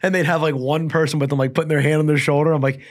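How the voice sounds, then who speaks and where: A man's voice: a little high, flat delivery. A man chatting casually as an interview guest, telling rambling stories full of fillers. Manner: fast, rambling storytelling with many fillers. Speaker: guest fighter. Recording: audio-only podcast.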